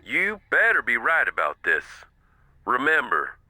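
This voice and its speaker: Crude blustering caller, wildly swinging pitch, dry close recording. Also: male voice, huge pitch swings, unhurried, sharp tone, no echo, exaggerated voice. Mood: brash. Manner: brash, threatening, crude. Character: loud, crude, boastful man caller.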